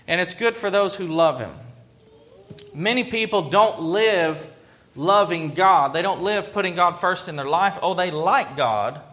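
A man preaching a sermon in an earnest, reflective way, pausing to let points land. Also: high-pitched, animated, pushed and bright. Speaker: pastor.

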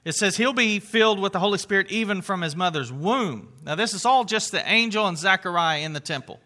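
High, very bright-voiced male Bible teacher. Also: a little fast. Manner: earnest, with frequent fillers and restarts, emphatic exclamations.

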